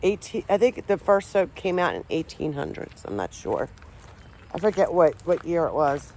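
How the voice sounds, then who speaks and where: A paranormal vlogger, a woman, talks casually to the camera while outdoors among trees, rambling loosely, often sounding unsure and restarting her sentences. Her voice sits on the low side with big pitch swings, a normal speed and a slightly mellow tone, with a little hiss or hum in the recording.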